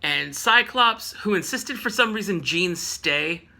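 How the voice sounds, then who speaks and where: Animated, bright-voiced man recapping a comic. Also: high-pitched, slow, gravelly. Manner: animated, laughing, jokey asides. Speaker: comic book reviewer. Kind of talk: casual recap with playful character voices.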